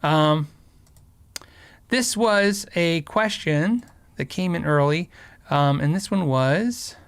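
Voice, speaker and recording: With a slightly high, clean voice and no room sound, the middle-aged host from Arizona talks slowly. His casual livestream chat is rambling storytelling, full of fillers and restarts, with plenty of laughs.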